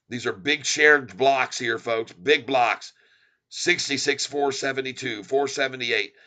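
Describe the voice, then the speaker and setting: A middle-aged man hosting a live stock market stream, calling out share counts and prices in an excited, rapid patter. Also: mid-range voice. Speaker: stock market livestream host. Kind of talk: live stock-ticker commentary.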